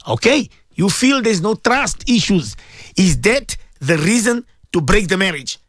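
Speaking slightly slowly in a high, expressive, fairly bright voice, a cleric on the radio pours emotion into his talk. The Muslim host keeps putting rhetorical questions to his listeners, and the recording is dry.

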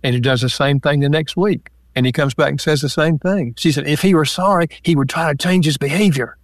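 In a clean studio recording with no room sound, an older male author and marriage counselor responds to an interviewer. His voice is a little high and a little fast. He organizes his explanations into numbered lists, performing sample quotes to illustrate them.

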